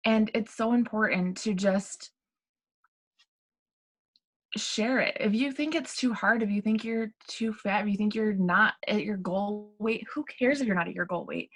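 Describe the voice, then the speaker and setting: A woman's voice: medium pitch, poor audio. A woman coach giving an earnest, encouraging personal testimony on a webinar.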